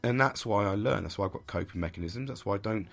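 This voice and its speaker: A man's voice: fairly low pitch, fast, gravelly. A man hosting a podcast, talking bluntly and intensely in a candid monologue, swearing heavily and pressing his points hard. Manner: emphatic and intense. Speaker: podcast host.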